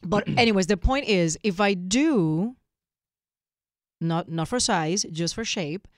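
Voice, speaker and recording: Animated woman telling teasing stories. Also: on the low side, slow pace, dry recording, clean studio sound. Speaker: podcast co-host. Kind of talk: casual chat.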